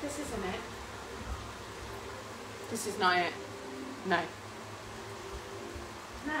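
A woman's voice: mid-range voice, lively intonation, very slow, heavy background noise. A woman, hosting a casual home cooking stream, chatting and rambling with frequent laughs while reading out viewer comments. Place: home kitchen.

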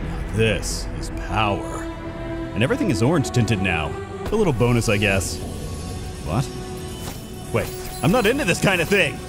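A man's voice: mid-range voice, wildly swooping pitch, normal speed, pauses often. A man voicing a sarcastic, nervous little male bug knight in a comedy fan-parody, bouncing between bravado and panic. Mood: wisecracking. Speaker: voice actor and channel host. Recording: music bed under the voice.

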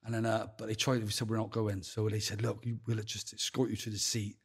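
Bristol man, podcast guest, husky voice, swears freely while acting out his stories. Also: lowish voice, level tone, a little fast. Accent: Bristol English. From England. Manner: swears heavily, acts out dialogue, laughs while telling stories. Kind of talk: casual storytelling.

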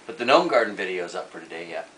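A man's voice: low-pitched, sing-song, quick pace, fairly bright tone, husky, low-quality recording. A man co-hosting a casual home vlog, easygoing and matter-of-fact. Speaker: vlogger co-host.

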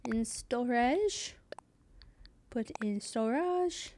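A woman's voice: a little high, animated, drawn-out words, long pauses, a little hiss or hum. A young woman streaming a game live, chatting in a rambling, bubbly way with lots of fillers and thanking viewers as they comment.

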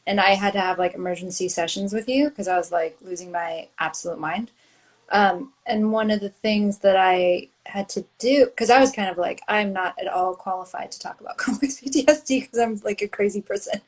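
A woman's voice: mid-range voice, rough recording. A woman author in candid, casual conversation on a video livestream, laughing often and speaking openly. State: tearful near the end. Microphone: livestream video call.

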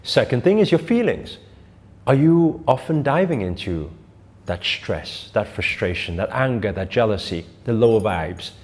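A man's voice: on the low side, very animated, a little slow, darkish tone. A man spiritual teacher giving an emphatic motivational talk, asking his audience questions and repeating key phrases.

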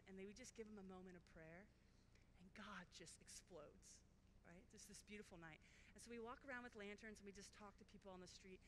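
A woman's voice: mid-range voice, a bit bright. A woman speaking at a youth conference workshop, telling a faith story in an enthusiastic, casual way with lots of "like"s. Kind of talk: faith testimony talk. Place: large conference hall. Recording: echoey hall with faint noise.

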